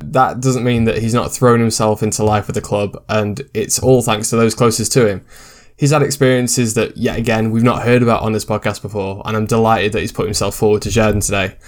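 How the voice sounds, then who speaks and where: Guy hosting a fan podcast, lowish voice, friendly and chatty. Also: fairly even intonation, a little fast. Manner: friendly, chatty, laughs along. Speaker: podcast host. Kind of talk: casual podcast chat.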